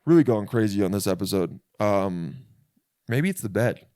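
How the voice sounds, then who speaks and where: A man's voice: lowish voice, lively intonation, normal speed, warm tone, no room sound, clean studio sound. A young man hosting a podcast, telling a rambling comedic monologue in a crude, self-interrupting way from a bed in a rental apartment. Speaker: podcast host.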